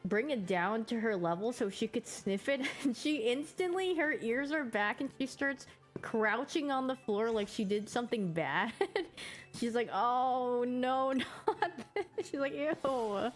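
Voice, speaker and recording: A woman's voice: on the high side, expressive, measured pace. A woman streamer chatting casually and giggling, acting out her pet's reactions as she talks. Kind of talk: casual chat.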